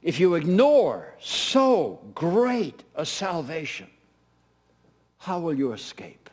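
Speaking slowly in a slightly high voice, a middle-aged man preaches as pastor, animated and emphatic, hammering home key phrases through repetition.

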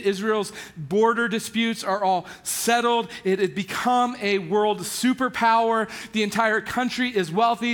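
High-voiced man preaching casually. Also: fairly bright tone. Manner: casual storytelling, voices biblical characters in everyday slang. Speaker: pastor. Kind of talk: sermon.

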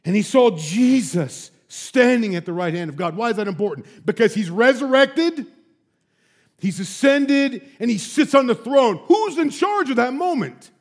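High-voiced, emphatic preacher man. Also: normal speed. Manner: emphatic, animated preaching with sudden loud peaks and soft drops; casual asides and rhetorical questions. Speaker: pastor. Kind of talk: sermon.

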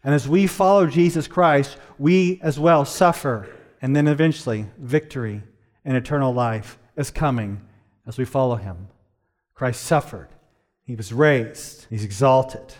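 A middle-aged man preaching a sermon as pastor, earnest, slowing his pace to stress key lines. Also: medium pitch. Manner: earnest, varies pace, slows down for emphasis.

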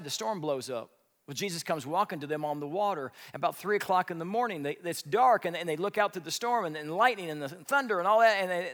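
A male pastor delivering a sermon with a somewhat high voice, telling his stories with dramatic energy. He swings from near-shouts down to hushed whispers. The sound carries a long reverb from a large hall. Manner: animated storytelling, shouting at high points and dropping to a whisper.

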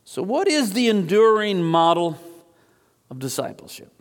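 Pastor preaching, high voice, lots of ups and downs, echoey sanctuary. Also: male voice. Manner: animated storytelling, emphatic with slow stressed phrases. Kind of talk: sermon. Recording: echoey hall.

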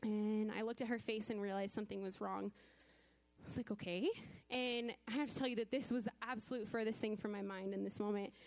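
A woman's voice: mid-range voice, fairly even intonation, brisk, a little mellow, dry recording. A woman in her twenties speaking at church, sharing a personal testimony in a casual, emotional way, full of "like" fillers and nervous laughs.

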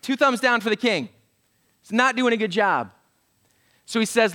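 Animated, bright-voiced male preacher. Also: very high voice, normal speed. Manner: animated storytelling with acted-out voices; humorous, self-deprecating asides. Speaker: pastor. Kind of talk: sermon.

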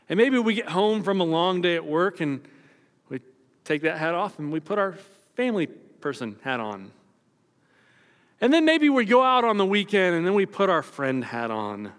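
A man's voice: on the high side, a bit bright, big-room sound. A man preaching a sermon as pastor, retelling the story and acting out the quoted voices.

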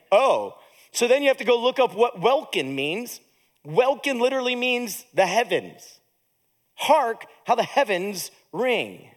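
A man pastor giving a sermon in a conversational way, with humorous, self-deprecating asides and a tired edge. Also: extremely high pitch.

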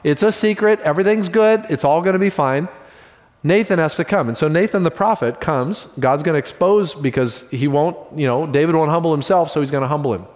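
Male pastor, slightly higher voice, chatty sermon delivery with quips; a long hall echo trails each line. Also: fairly quick, a little mellow. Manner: conversational storytelling with quips.

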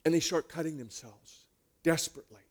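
A male pastor preaching a sermon, retelling stories with lively swings between hushed and loud delivery. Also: on the high side, fairly quick.

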